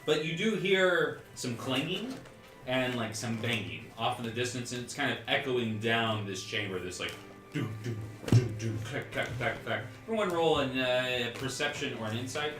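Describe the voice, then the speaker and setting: A man narrates a tabletop game as its game master, rambling casually with plenty of "like" and "um". His voice sits at a middling pitch. The room is echoey, with faint music playing underneath. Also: lively intonation, normal speed. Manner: casual and rambling, many fillers like "like" and "um".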